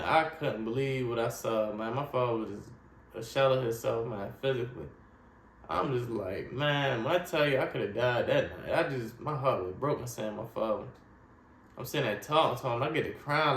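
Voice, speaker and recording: A man's voice: medium pitch, moderate pace, gravelly, a bit bright. Earnest man telling his story in an echoey room. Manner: earnest, repeats "you know what I mean"; speaks in short broken phrases, heartfelt. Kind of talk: personal testimony, casual storytelling. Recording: echoey room with faint ambient noise.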